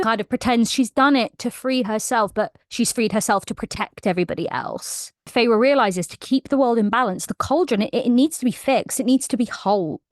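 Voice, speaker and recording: A woman's voice: mid-range voice, dry recording. A young woman animatedly recapping a fantasy novel, laughing often and saying "like" a lot. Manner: animated, laughing, heavy use of "like". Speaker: book vlogger. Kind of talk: casual book recap.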